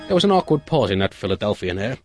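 A man reading his own absurd comic story aloud in a dry, deadpan way. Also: lowish voice, quick pace, faint music behind. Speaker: host, comic story writer.

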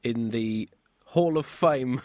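Deadpan male radio host. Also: mid-range voice, slow, no room sound, studio quality. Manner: deadpan, wry. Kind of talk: comic radio banter.

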